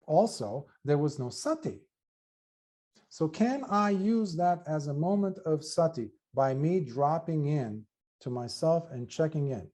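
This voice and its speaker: A man, a Buddhist monk, answering a question in an earnest dharma talk, often pausing and restarting as he searches for words. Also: on the high side. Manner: animated, earnest, acts out quoted voices.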